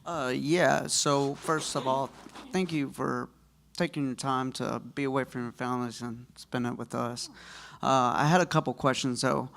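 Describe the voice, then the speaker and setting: Male fan at a mic, clear smooth voice, polite and halting. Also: medium pitch, steady tone, a bit bright. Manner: polite, halting, many uhs. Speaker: audience member asking questions. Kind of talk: fan question at a panel. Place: convention hall audience.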